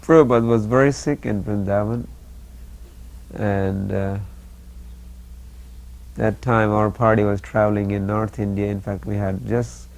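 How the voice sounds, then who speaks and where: A low, gravelly male voice with little rise and fall recounts past events. His telling is measured and unhurried, with an occasional "uh". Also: steady tone, darkish tone. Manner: measured, plain storytelling with fillers. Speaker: former disciple recalling memories. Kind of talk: reminiscing interview.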